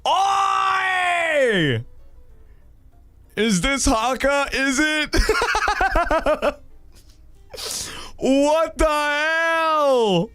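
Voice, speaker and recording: A young man hosting a stream, reading viewer stories aloud in a loud, excitable way, swearing and laughing. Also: very high voice, very slow, pauses often, dry recording, soft background music. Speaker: streamer host.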